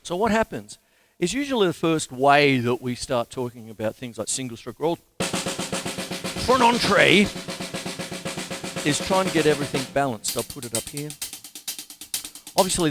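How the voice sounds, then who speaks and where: An Australian man teaching drums in a live-streamed lesson, chatty and jokey, counting rhythms and stickings aloud. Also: medium pitch. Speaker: drum teacher. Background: drum kit playing.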